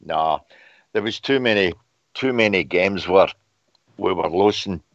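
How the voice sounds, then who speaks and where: A man on a casual fan show, giggly and lively. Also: low voice, a little slow, no room sound. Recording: dry lo-fi sound.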